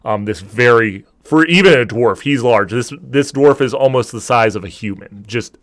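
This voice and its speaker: A man running a tabletop game as game master, describing scenes with many pauses and restarts. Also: medium pitch, fairly bright tone, no room sound, studio quality. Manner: hesitant, many ums and restarts while describing.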